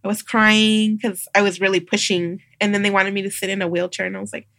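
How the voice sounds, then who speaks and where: Animated woman telling a story, gravelly edge. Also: mid-range voice, quick pace, no echo, clean studio sound. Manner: animated, acts out quoted voices, laughs often. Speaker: podcast guest, midwife. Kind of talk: casual storytelling.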